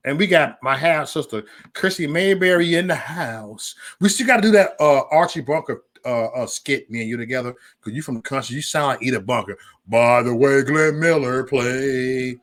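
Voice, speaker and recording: A man hosting a casual livestream chat, loud and profane, swinging between shouting and mumbling. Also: mid-range voice, a little fast, hardly any pauses. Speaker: livestream host.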